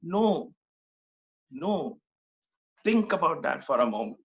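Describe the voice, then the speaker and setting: A man's voice: fairly high pitch, sing-song, takes it slowly. A middle-aged man from Mumbai, giving an earnest devotional talk full of repetition and rhetorical questions. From Mumbai, India. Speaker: spiritual speaker. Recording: dull lo-fi recording.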